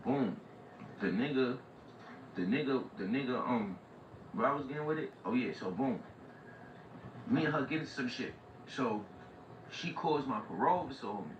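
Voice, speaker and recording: Man livestreaming a story, slangy and animated, set back from a muffled mic in an echoey room with noise and a TV behind. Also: medium pitch, far from the mic. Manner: animated street slang, repeats "like" and "right?". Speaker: livestream host telling a story. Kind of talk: casual storytelling.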